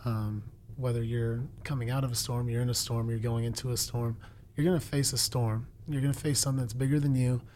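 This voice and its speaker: A man's voice: mid-range voice, level tone, a little fast, a little mellow, slight background noise. A man in his twenties sharing a faith testimony in conversation, earnest and preacherly, repeating phrases for emphasis. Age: 20s. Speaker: guest.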